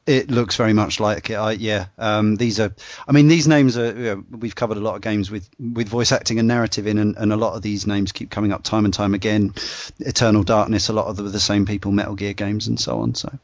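A man's voice: lowish voice, fairly even intonation, brisk, few pauses, dry recording. A man hosting a casual discussion, rambling with many fillers and restarts. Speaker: podcast host. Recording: dull dry lo-fi sound.

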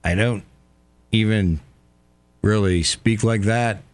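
A man's voice: lowish voice, measured pace, dry recording. A man hosting his own talk radio show, rambling casually, joking and swearing freely.

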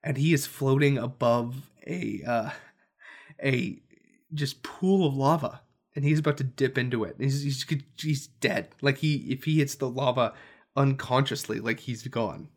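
A man's voice: mid-range voice, a little slow. A man who co-hosts a podcast and runs tabletop games, telling a story in a rambling casual way with many restarts. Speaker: podcast co-host and dungeon master.

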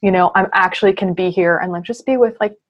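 Low-voiced earnest woman guest. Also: fast, muffled recording. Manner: earnest, reflective, leaning on "you know" and "I mean". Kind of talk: casual conversational interview.

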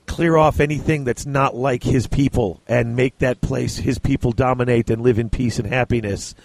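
A man's voice: mid-range voice, fairly even intonation, normal speed, vocal fry, darkish tone, a little hiss or hum. A man co-hosting a podcast, chatting casually about a novel and reading passages aloud, laughing often. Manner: laughs often, enthusiastic, reads excerpts aloud. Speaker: podcast co-host. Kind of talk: casual book discussion with read-aloud passages.

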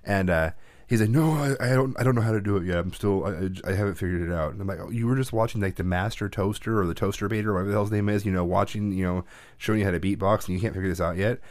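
This low-sitting male voice races along with no echo around it. The speaker, a father in his thirties who co-hosts a podcast, animatedly recounts a family tale in relaxed conversation, acting out what everyone said.

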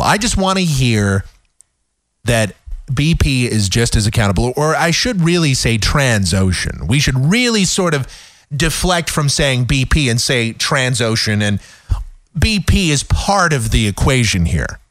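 A man's voice: medium pitch, sing-song, a little slow, fairly bright tone, dry recording, studio quality. A man hosting a talk radio show, ranting sarcastically in an opinionated monologue. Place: radio studio.

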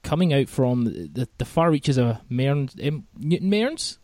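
A man's voice: medium pitch, expressive, measured pace, warm tone, dry recording. A man hosting a football podcast in a casual, chatty way, with lots of ums and restarts. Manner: chatty, self-deprecating, many ums and restarts. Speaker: podcast host.

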